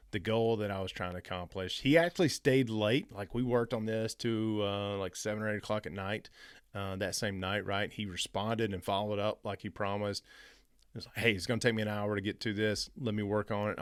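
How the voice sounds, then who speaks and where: Male host, low smooth voice, dry close sound, animated casual storyteller. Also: no room sound. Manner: animated, re-enacts phone calls in quoted voices. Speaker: real estate investing host.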